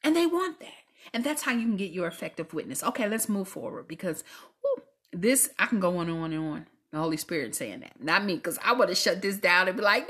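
A woman hosting a faith-based podcast, speaking in a preachy, exhorting way and often dropping into soft whispers. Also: medium pitch, animated, a little fast, slightly rough. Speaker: podcast host.

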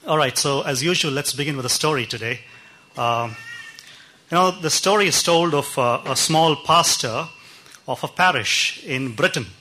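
A man preaching a sermon, telling anecdotes in an unhurried, conversational way with frequent pauses and fillers. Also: a little high, sharp tone. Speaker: pastor. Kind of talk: sermon storytelling.

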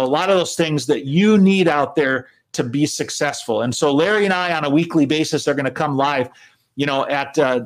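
A man's voice: fairly high pitch, low-quality recording. A man co-hosting a live business broadcast, talking casually to viewers with many fillers and repeated words. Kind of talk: casual conversational talk to viewers.

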